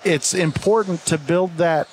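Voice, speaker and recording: A man's voice: on the high side, a little slow, slight background noise. A man in his thirties who runs a small landscaping business, chatting casually and telling rambling work stories full of restarts. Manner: rambling storyteller with frequent restarts. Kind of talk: casual podcast chat.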